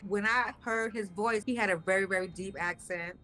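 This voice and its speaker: A woman's voice: medium pitch, moderate pace, bright, forceful tone. A woman casually telling her own story in a conversational, hesitant, doubtful way.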